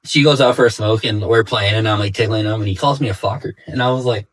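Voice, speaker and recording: A man's voice: on the low side, fast talker, a bit bright, poor audio. A man and father in a casual podcast chat, telling stories in a loose, rambling way full of fillers. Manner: rambling storyteller, heavy use of "like".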